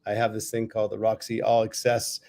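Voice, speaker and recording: A man's voice: fairly low pitch, monotone, brisk, gravelly, a little mellow. A man talking casually over a video call from a hotel room, his voice worn from touring, rambling easily with many fillers. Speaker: guest musician.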